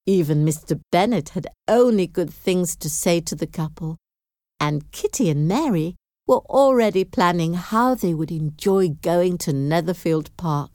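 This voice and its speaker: A woman narrating a storybook in a clear, measured reading. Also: fairly low pitch, mellow, dry recording, clean studio sound.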